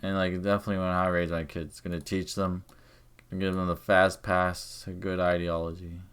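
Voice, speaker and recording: A man's voice: deep voice, a little fast, smooth. A man chatting casually on a live stream, teasing and crude in his humour. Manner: teasing, crude, animated joker.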